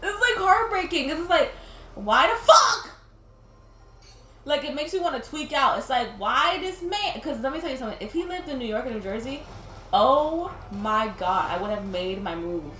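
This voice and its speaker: Playing a video game on her channel, this young woman rambles, laughs, and peppers her casual chat with "like." Her high voice is expressive and sharp at normal speed, with roomy sound, game music underneath, and a little hiss or hum.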